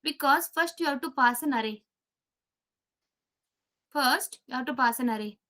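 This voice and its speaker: A woman's voice: sits high, moderate pace, pushed and bright. A woman teaching a live programming class, repeating key steps and quizzing her students as she goes. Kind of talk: live coding lesson.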